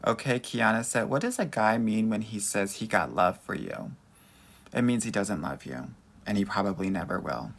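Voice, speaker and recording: A man's voice: fairly low pitch, lively intonation, moderate pace, creaky, a bit bright. A man coaching on dating in a live Q&A, reading viewer comments aloud in a sassy, flamboyant way and calling listeners honey and girl. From United States.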